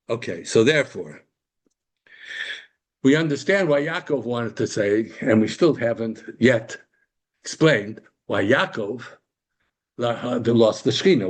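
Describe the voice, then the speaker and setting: A man's voice: medium pitch, breathy edge. A man teaching a Torah class to a live group, asking rhetorical questions and answering them himself, with Hebrew terms woven into English.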